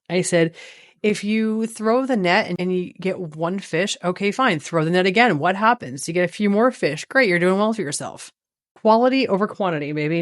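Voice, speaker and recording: A woman with a fairly low voice tells a story straight to camera, animated as she plays out both sides of an exchange. The sound is close and dry, with no room around it. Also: no room sound. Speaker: vlogger. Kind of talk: casual storytelling monologue.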